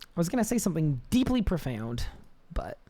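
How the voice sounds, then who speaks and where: A man with a high-pitched voice, chatting casually on a live game stream, reading chat aloud and rambling with restarts. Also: sing-song, brisk, mellow.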